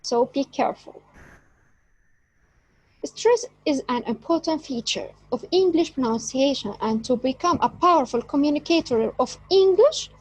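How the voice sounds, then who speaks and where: A woman teaching an English lesson, speaking deliberately and stressing key words. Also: high voice, darkish tone, rough recording. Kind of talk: slow explanatory lesson.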